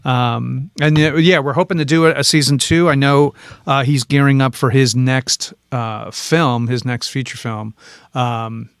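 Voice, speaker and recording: A man's voice: medium pitch, fairly even intonation, a little slow, clean tone, no echo. A middle-aged man, an actor guest in a podcast studio, chatting casually and telling rambling stories with many fillers. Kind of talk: casual interview chat.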